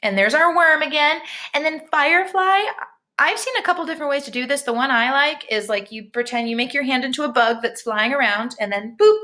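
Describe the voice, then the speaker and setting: A woman teacher reading a bilingual picture book aloud to young children, animated and gasping with excitement between pages. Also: sits high, a little fast. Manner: animated, frequent gasps, bilingual English-Spanish reading.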